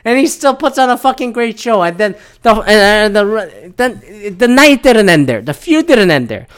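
A man's voice: high-pitched, sing-song, normal speed, a bit bright, smooth. Brief: male podcast host from Michigan, sweary, rambling, sarcastic political rant. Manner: profane, rambling, sarcastic, mocking voices of others.

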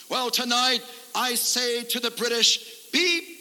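A man's voice: extremely high pitch, slow pace, sharp tone. A man preaching a revival sermon at a camp meeting, fervent and emphatic, repeating lines for effect. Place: large camp-meeting hall before a congregation. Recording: live sermon with long hall reverb.

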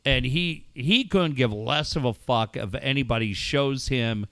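A man's voice: medium pitch, unhurried, smooth, dry recording, studio quality. A middle-aged man in casual chat, telling family stories with lots of swearing and acted-out quotes. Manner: animated storyteller, acts out quotes, swears freely. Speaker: co-host.

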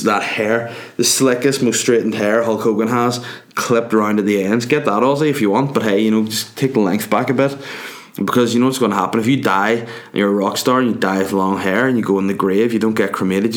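A young man, rambling through a crude comic monologue full of tangents. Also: on the low side. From Ireland.

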